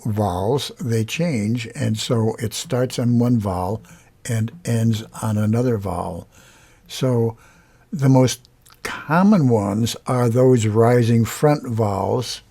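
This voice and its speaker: A man teaching a lesson on vowels, explaining slowly and demonstrating each sound aloud. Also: medium pitch, vocal fry, dark tone, breathy edge. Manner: unhurried, pausing often, demonstrating sounds. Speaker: singing teacher.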